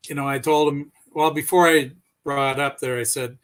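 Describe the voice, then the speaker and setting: A man's voice: on the high side, fairly even intonation, moderate pace, fairly bright tone, clean tone. A man chatting in a friendly way and telling anecdotes, with an occasional chuckle. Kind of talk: casual chat, storytelling.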